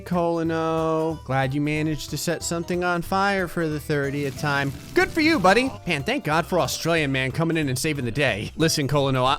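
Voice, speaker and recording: A man hosting a gaming channel, giving sarcastic, jokey commentary on a life-sim game and tossing off quick voices for the characters. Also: mid-range voice, fairly bright tone. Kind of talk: comedic gameplay commentary.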